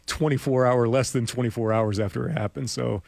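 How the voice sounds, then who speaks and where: A man's voice: mid-range voice, fairly even intonation, brisk, vocal fry, a little mellow, dry recording. A man co-hosting a sports talk show, chatting casually with rambling asides and frequent laughs. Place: radio studio.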